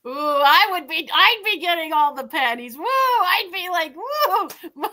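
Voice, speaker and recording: A woman's voice: very high voice, lively intonation, moderate pace, sharp tone. A woman co-hosting a casual talk show, giggly and playful. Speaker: podcast co-host. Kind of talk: casual chat.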